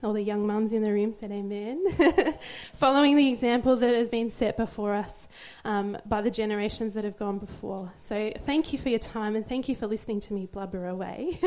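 A woman's voice: fairly high pitch, a little mellow. A young woman giving an emotional church testimony as a new mother, tearful and laughing through it. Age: young adult.

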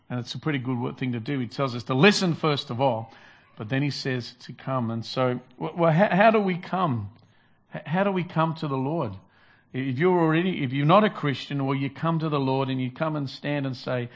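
Male pastor preaching, earnest, repeats himself, mid-pitched voice. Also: normal speed. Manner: earnest, repetitive preaching with frequent restarts. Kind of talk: sermon.

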